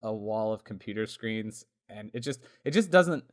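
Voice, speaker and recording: A man co-hosting a podcast in casual chat, talkative and quick to laugh, with plenty of fillers. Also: fairly low pitch, lively intonation. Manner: chatty, laughs often, lots of fillers. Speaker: podcast co-host.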